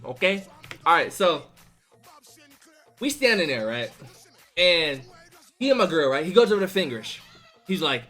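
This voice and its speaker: Brief: animated male streamer, slangy storyteller, pitch jumps all over, "right?" after every line. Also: normal speed, pauses often, soft background music.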